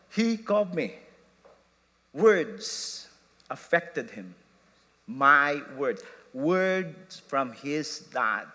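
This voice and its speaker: Preaching from the sanctuary, this pastor tells a story about his family, laughing at his own expense while quoting his sons and wife. He sounds slightly high, bright and forceful, with the church hall's lengthy echo trailing behind him.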